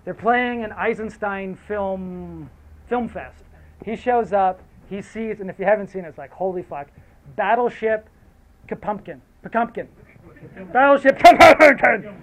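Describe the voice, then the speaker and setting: A man's voice: high-pitched, normal speed, low-quality recording. A man telling a story casually, rambling and swearing, with lots of fillers, then reading aloud.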